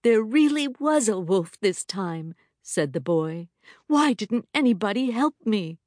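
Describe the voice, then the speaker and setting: A woman playing a school librarian who reads a fable aloud to children with expressive, dramatic storytelling. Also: mid-range voice, a little slow, no room sound, studio quality, close to an everyday voice.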